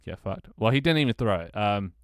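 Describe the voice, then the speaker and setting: Grumbling man, low smooth voice. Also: animated, no room sound, studio quality. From United Kingdom. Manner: grumbling, swearing, quick to laugh. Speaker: live streamer. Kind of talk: casual live-stream chat. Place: small closed brick room at home.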